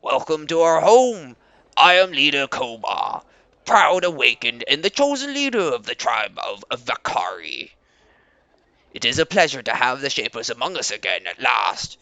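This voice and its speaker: Guy doing a proud servile chief, formal and cagey, low-ish and gravelly, dry sound. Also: sing-song, bright, forceful tone, no room sound, heavily acted. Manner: formal, measured, guarded. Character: proud, stern male leader of a servile tribe.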